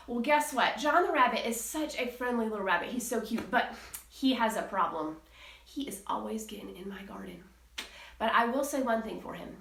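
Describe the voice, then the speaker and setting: A woman's voice: a little high, expressive, normal speed, a bit bright, distant mic. A woman music teacher leading a live online lesson for young children, enthusiastic and sing-song. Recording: roomy echo with faint guitar.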